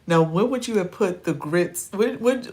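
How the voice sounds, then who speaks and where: A middle-aged woman, a livestream host and coach, chats playfully with her viewers, reacts to their comments, and laughs often between remarks. Her voice sits on the low side, a little mellow, with lively intonation and a moderate pace.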